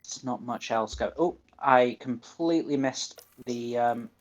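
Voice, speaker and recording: Unhurried and medium-pitched, a man with a Northern English accent from northern England streams his gameplay live, muttering to himself and reading out menu options. The sound quality is lo-fi.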